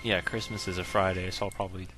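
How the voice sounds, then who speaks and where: A man's voice: sits low, little pitch movement, fast talker. A man bantering casually while playing a video game with friends, joking, laughing and swearing freely. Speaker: gaming commentator.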